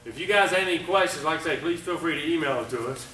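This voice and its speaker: Guy teaching karate, counting moves loud, kinda high voice, echoey room w/ mic far away. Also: fast talker, soft background music. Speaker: karate instructor. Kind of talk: live class instruction.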